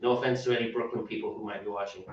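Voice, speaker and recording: A man's voice: fairly low pitch, steady tone, racing, slight background noise. A man co-hosting a home brewing show, chatting casually and rambling with jokes. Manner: rambling, joking, sings a line playfully. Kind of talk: casual chat. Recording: echoey room, dull lo-fi sound from a distance.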